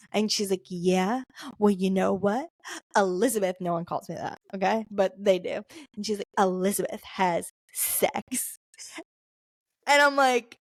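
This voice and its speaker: A woman's voice: on the high side, a bit bright, dry recording, clean studio sound. Chatty young woman telling a story. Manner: chatty, lots of "like" fillers, laughs often. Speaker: podcast co-host. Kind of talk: casual storytelling chat.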